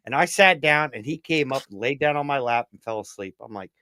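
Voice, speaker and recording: A man in casual chat, telling rambling stories with lots of swearing and animated bursts. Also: medium pitch, fairly quick, no room sound, studio quality. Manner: rambling, profane storyteller; animated, swings up in excitement. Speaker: prepper livestream co-host.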